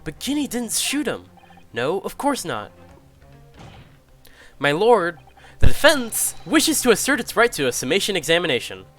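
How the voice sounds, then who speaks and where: A man's voice: high voice, wildly swooping pitch, moderate pace, long pauses, fairly bright tone, faint music behind, pitched above the performer's own voice, exaggerated voice. A man voicing an earnest young male defense lawyer in a courtroom game. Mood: determined.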